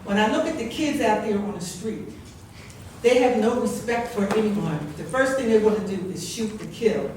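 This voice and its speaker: A woman's voice: medium pitch, expressive, moderate pace, a little hiss or hum. Impassioned older woman in echoey hall. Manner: impassioned, scolding, rising to loud indignation. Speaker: public commenter at council meeting. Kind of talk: public comment speech. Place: council meeting room. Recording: very echoey distant room recording.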